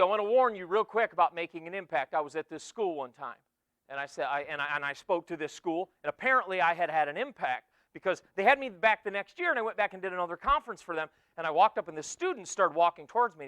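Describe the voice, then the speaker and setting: A man in his forties gives a lively, jokey keynote to a student audience, his voice pitched high and swooping all over. The tone is bright and crisp, and the close mic keeps the sound dry. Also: dry recording. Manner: animated, jokey, audience-teasing, swings from loud to hushed. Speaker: keynote speaker. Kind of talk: energetic motivational keynote talk. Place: conference hall with a student audience.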